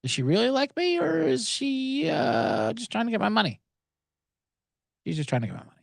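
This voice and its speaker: A man's voice: very high voice, moderate pace, gravelly, no echo, clean studio sound. A man hosting a podcast, telling a comic story in an exasperated, riffing way. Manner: animated, exasperated riffing with swearing. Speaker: comedian and podcast host.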